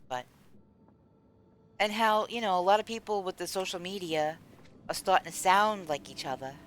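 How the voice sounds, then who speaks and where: Chatty low-voiced woman streamer. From United States. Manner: chatty, rambling, answers chat aloud. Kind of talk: casual live-stream chat while gaming.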